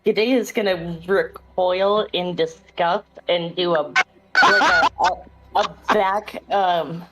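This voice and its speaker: Slow-talking woman game master. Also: fairly low pitch. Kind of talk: narrating a tabletop game.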